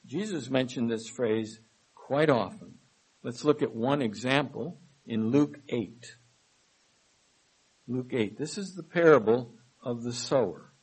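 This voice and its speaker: A man preaching a sermon. He reads scripture verses aloud with emphasis and then explains them in a measured way. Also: mid-range voice, a little mellow, breathy edge, rough recording. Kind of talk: sermon, Bible study reading.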